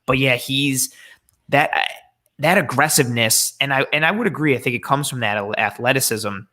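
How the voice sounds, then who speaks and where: A man appearing as a football draft scout gives his analysis in an animated, giggly way. His voice is bright and forward, and it sits at an ordinary middle pitch. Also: moderate pace. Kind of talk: casual sports chat.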